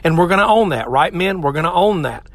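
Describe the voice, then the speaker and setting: A man's voice: high-pitched, lively intonation, fairly quick, vocal fry. Earnest man giving relationship advice. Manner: earnest, direct, addresses listeners as men and ladies. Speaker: relationship speaker. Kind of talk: motivational advice talk.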